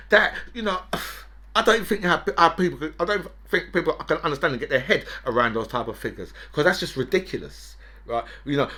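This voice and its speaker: A man delivers animated political commentary, mocking and profane. He gloats openly and swears freely. His voice sits in a middle pitch.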